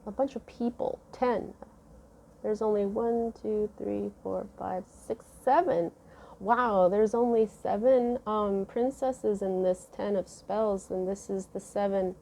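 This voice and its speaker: A woman giving a casual tarot reading, musing slowly with many fillers and restarts. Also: medium pitch, steady tone, gravelly, mellow, a little hiss or hum. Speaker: tarot reader.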